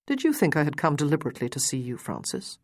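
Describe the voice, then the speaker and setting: A woman's voice: deep voice, huge pitch swings, quick pace, exaggerated voice. A woman reading the part of a proud, teasing male aristocrat in a Regency audiobook, with a dry, mocking delivery.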